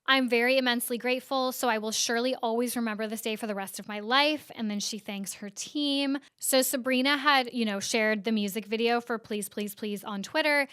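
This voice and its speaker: A woman's voice: on the high side, brisk, few pauses, bright, forceful tone, clear, resonant tone, dry recording, clean studio sound. A woman hosting a podcast, recapping internet news in a casual, chatty way full of "like" fillers. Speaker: podcast host.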